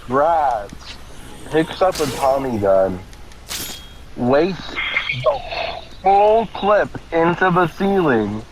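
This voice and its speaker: Slow-talking man, rambling gamer chat. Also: on the high side, sing-song, background noise. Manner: rambling, swears a lot, frequent laughs. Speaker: gaming commentator. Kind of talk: casual rambling retelling.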